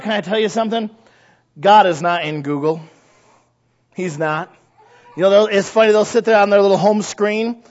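A pastor with a high-pitched voice preaches a sermon at a normal pace, chatting with the congregation and often putting questions to them. His quiet asides build into loud, emphatic exclamations, all captured on a muffled lo-fi recording.

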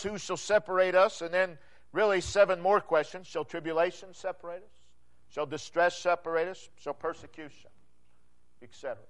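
A pastor delivers his sermon in an unusually high voice, speaking slowly and deliberately. He returns again and again to his refrains, swelling on some words and dropping away on others. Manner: emphatic preaching with repeated refrains and rising and falling cadence.

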